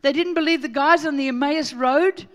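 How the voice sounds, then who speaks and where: A middle-aged Australian woman preaching a sermon, joking and swinging from quiet asides to loud emphasis. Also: high-pitched, moderate pace. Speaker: pastor.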